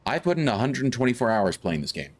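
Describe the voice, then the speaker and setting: A man's voice: mid-range voice, big pitch swings, fast. A young man casually talking through game stats while playing with friends. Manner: laid-back, muses aloud over game stats. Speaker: gamer co-player. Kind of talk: casual gaming banter.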